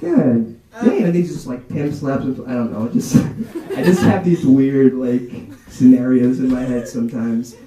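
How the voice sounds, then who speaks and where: A young man performing an animated stand-up comedy set at a college comedy night, slipping into mock voices. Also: mid-range voice, moderate pace. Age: young adult. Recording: roomy, distant amateur recording with crowd laughter. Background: audience laughing.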